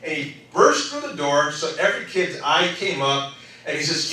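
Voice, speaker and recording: A man pastor telling a story during a sermon, animated and acting out the voices of the people in it. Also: a little high, moderate pace. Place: church sanctuary. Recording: echoey church hall, mic at a distance.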